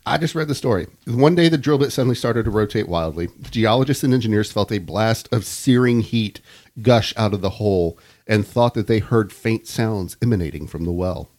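A man's voice: fairly low pitch, normal speed, darkish tone. A man co-hosting a podcast, casually reading an urban legend aloud and laughing often. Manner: laughs often, reads from notes. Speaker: podcast host.

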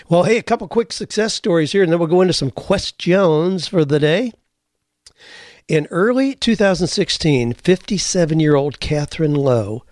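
A middle-aged man hosting a show, telling stories in a folksy, animated way. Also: a little high, no room sound, clean studio sound. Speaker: podcast host. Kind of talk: casual storytelling.

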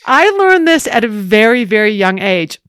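A woman's voice: medium pitch, big pitch swings, moderate pace, fairly bright tone, smooth, no echo, studio quality. A woman co-hosting an advice podcast, chatting casually with lots of laughter and fillers. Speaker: podcast co-host.

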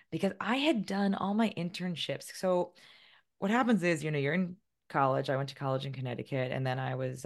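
A woman's voice: extremely low pitch, gravelly. A woman in her forties, a guest author, chatting in an interview, self-deprecating and laughing often. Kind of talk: casual interview conversation.

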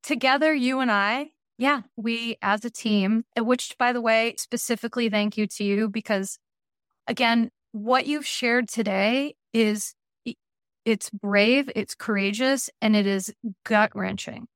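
A woman's voice: on the high side, a little slow, fairly bright tone, no room sound, clean studio sound. A woman guest therapist on a podcast, speaking in an earnest, emphatic and reassuring way. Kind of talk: podcast conversation.

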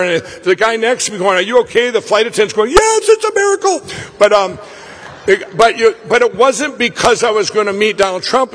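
A man with a husky, high voice tells a personal story at a live summit. He talks excitably and rambles, stumbling and restarting. The sound carries a long reverb from a large hall. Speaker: event speaker. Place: summit venue, stage.

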